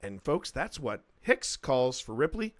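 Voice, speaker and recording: A man hosting a livestream, chatting casually and rambling, with loud bursts of laughter. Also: a little high, animated, unhurried. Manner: quotes films in a gruff mimic voice. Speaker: livestream host.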